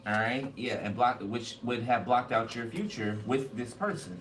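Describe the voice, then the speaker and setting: A man's voice: mid-range voice, normal speed, fairly bright tone. A man doing a casual tarot card reading, blunt and profane and repeating himself a lot. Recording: noisy, distant mic.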